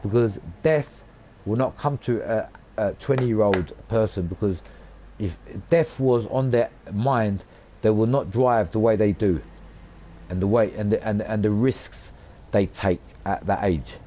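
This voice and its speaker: A gaming channel host in his 40s rambles casually over gameplay, swearing a lot and ranting emphatically with repeated phrases. His voice is fairly low, a little slow and dark in tone. There's a little hiss or hum on the recording.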